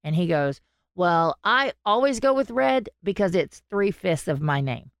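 Chatty low-voiced woman. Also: unhurried, dry recording, clean studio sound. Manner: chatty storyteller, animated quoting. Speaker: podcast co-host. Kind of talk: casual chat.

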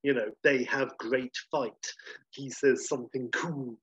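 A man in casual podcast chat, enthusiastic and quick to praise. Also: mid-range voice, steady tone, a bit bright, slightly rough, highs cut off. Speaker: podcast co-host.

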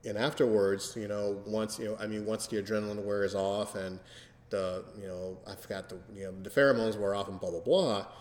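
A man hosting a podcast in casual chat, talking slowly and deliberately with many fillers. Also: lowish voice, steady tone, a little mellow. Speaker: podcast host. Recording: echoey room with long reverb.

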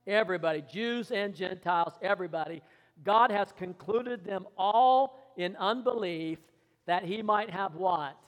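A man preaching a sermon as pastor, calling out questions for the congregation to answer and swinging between quiet asides and loud declarations. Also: sits high, a little slow, long reverb tail. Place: church sanctuary.

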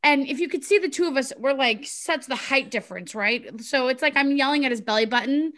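Woman, high bright voice, animated storyteller, acts out voices. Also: a little fast. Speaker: group participant sharing a story. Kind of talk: casual storytelling.

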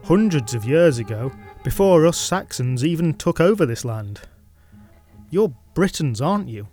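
A man voicing a bewildered old shepherd who speaks in a thick, halting way. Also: on the high side, big pitch swings, warm tone, soft background music. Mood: wary. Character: bewildered old male shepherd, humble, unsettled.

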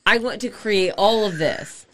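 A woman's voice: mid-range voice, a little slow, fairly bright tone. A woman co-hosting a podcast in casual chat, sarcastic and teasing. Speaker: podcast co-host.

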